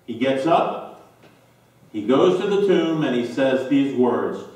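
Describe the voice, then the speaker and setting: A male pastor preaching a sermon, slow and emphatic with dramatic pauses, recorded in a church sanctuary. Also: mid-range voice, big pitch swings, darkish tone. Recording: very echoey church from a distance.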